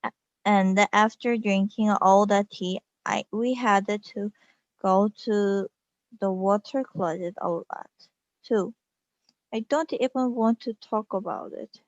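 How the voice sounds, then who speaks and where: A woman whose first language is Korean reads a children's storybook aloud, slowly and carefully, with small restarts. Her voice is mid-pitched. The recording is dull and lo-fi, with a very dry, close sound. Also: no room sound. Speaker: reader.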